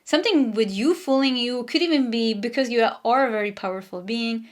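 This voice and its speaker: A woman's voice: a little high, brisk. Chatty woman reading tarot. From Sweden. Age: 40s. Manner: chatty, laughs often, wanders off mid-sentence. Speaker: tarot reader.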